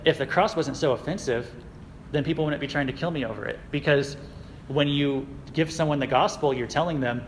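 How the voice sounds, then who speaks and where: A man preaching a sermon to a youth group in a casual, conversational way, with fillers and quick laughs. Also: a little high, in a large hall, a little hiss or hum, rough recording. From United States. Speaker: youth pastor. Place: church sanctuary.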